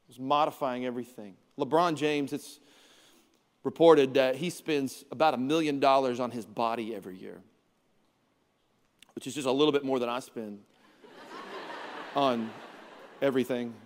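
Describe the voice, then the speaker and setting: A man's voice: mid-range voice, fairly even intonation, measured pace, pauses often, big-room sound. A man preaching as pastor, conversational and humorous, with self-deprecating jokes. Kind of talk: sermon.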